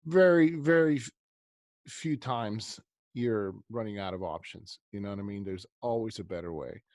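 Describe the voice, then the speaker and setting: A man's voice: on the low side, normal speed, darkish tone, no echo, clean studio sound. A man hosting a podcast interview, reacting with enthusiasm and asking follow-up questions. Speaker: podcast host. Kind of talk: casual interview chat.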